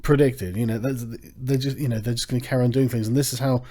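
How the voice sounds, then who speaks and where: Male channel host, mellow low timbre, swears freely, sarcastic and heated in a loose livestream rant. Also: fast. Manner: profane, sarcastic, animated.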